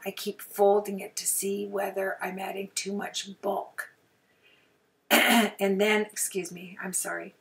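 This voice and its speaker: A woman with a hoarse, sore throat chatting through a crafting tutorial voice-over, often clearing her throat and apologizing. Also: mid-range voice, flat delivery, takes it slowly, fairly bright tone, recorded from a distance. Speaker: card-making crafter.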